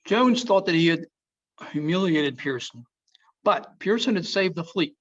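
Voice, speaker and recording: A man's voice: on the high side, lively intonation, unhurried, fairly bright tone. A man giving a storytelling history talk as a museum speaker, emphatic and quoting historical figures. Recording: dull lo-fi sound.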